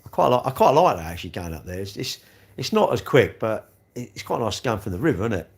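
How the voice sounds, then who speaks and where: A man's voice: fairly low pitch, big pitch swings, fast, vocal fry. A middle-aged man with a South East London accent, chatting and rambling on a casual live stream, full of tag questions. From England. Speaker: livestream host.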